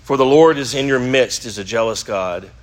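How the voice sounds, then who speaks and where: A man's voice: medium pitch, normal speed. A middle-aged man teaching an adult Sunday school class, reading scripture passages aloud and asking his listeners rhetorical questions. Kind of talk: Bible class lecture.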